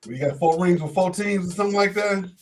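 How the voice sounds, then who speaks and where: A man's voice: high-pitched, fast, soft background music. Laid-back male sports talk host. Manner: laid-back, repeats words when thinking. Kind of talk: casual sports chat.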